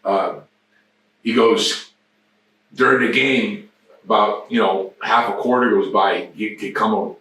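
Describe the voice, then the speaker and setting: This interview guest, a man in his sixties, spins meandering, foul-mouthed stories in a relaxed manner. His voice sits on the low side, steady yet sharp, and he speaks unhurriedly with frequent pauses. A distant mic in a highly reverberant room captures him.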